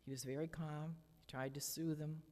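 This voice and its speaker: An older woman with a low, deep voice reads from her memoir at a church lectern. Her delivery is measured and dramatic, and a long church hall reverb trails each phrase. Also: fairly even intonation, dark tone. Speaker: memoir reader. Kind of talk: reading a personal memoir aloud.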